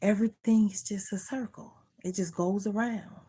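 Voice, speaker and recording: A woman's voice: mid-range voice, fairly even intonation, normal speed, dark tone, husky. A middle-aged woman vlogger in casual chat, earnestly preaching life advice and repeating herself.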